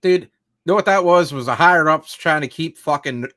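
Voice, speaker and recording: A man's voice: a little high, normal speed, pushed and bright, dry recording, clean studio sound. A man co-hosting a casual sports podcast, ranting in a frustrated, profane, rambling way. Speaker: podcast co-host.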